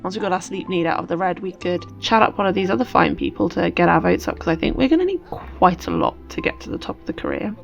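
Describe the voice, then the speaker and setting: A woman's voice: fairly low pitch, big pitch swings, fast, gravelly, few pauses, dull audio, soft background music. A woman, a host chatting playfully through casual game commentary. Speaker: let's play host.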